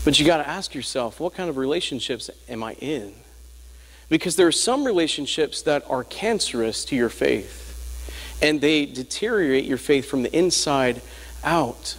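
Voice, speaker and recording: At a moderate pace, a man with a notably high voice delivers an emphatic, story-driven sermon full of rhetorical questions and call-and-response with the congregation. A long reverb tail trails his voice, suggesting a large church sanctuary.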